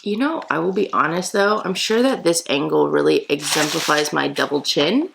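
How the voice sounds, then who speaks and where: A woman vlogger chatting excitedly to her viewers while opening mystery boxes for an unboxing video. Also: sits low, creaky, slight background noise, rough recording. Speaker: toy collector vlogger. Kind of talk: casual unboxing vlog.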